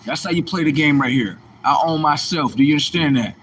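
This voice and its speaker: A man's voice: a little high, brisk, a bit bright, a little hiss or hum. A man hosting a livestream, delivering a combative, preachy monologue full of rhetorical questions. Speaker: livestream host.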